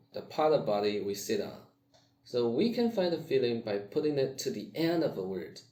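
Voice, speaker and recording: A man teaching tones in a careful, scripted lesson, demonstrating each tone aloud. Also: roomy sound. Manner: slow, careful, demonstrating tones with lively pitch swings. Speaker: Chinese language teacher.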